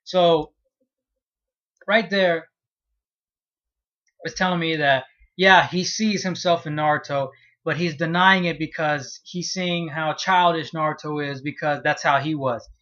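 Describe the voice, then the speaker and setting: A man with a slightly high voice reviews a manga chapter at an unhurried pace, leaving long pauses, in lo-fi sound. His casual take is profane, and he animates the retelling by acting out how he reacted.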